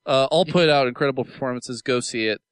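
A man's voice: medium pitch, quick pace, clear, resonant tone, no room sound. A man co-hosting a podcast in casual chat, playful and jokey. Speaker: podcast co-host.

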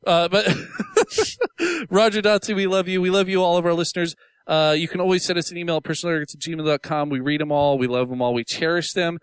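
A man's voice: on the high side, a little fast, smooth, dry recording. A man co-hosting a podcast in casual chat, playful and jokey. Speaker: podcast co-host.

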